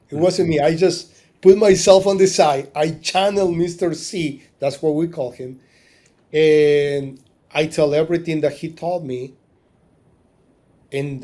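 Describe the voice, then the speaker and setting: In a fairly high, mellow voice, a marina business owner tells his story during a casual podcast interview. Along the way he acts out dialogue, becomes emotional, and often restarts what he's saying.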